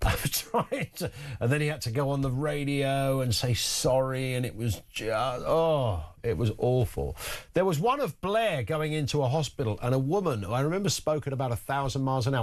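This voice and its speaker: Lively wry radio host man. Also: medium pitch, fast talker. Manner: animated, wry, chatty asides. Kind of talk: talk radio phone-in.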